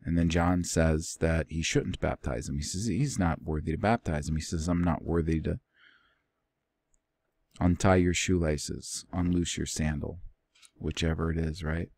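A man's voice: very deep voice, steady tone, measured pace, creaky, darkish tone, breathy edge, dry recording. A man teaching an informal Bible study, reading passages aloud with rising emphasis and commenting in plain talk.

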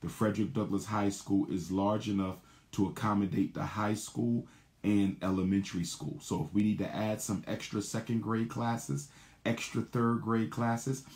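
With a fairly low, slightly mellow voice, a man hosts a show where he reads viewer questions aloud and answers them emphatically. He often repeats his key lines word for word.

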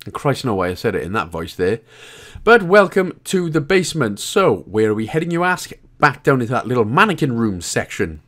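A Welsh gaming guide host talks a little fast as he leads the listener through a game walkthrough, joking around and swearing now and then. His voice rises and falls widely, keeping things lively.

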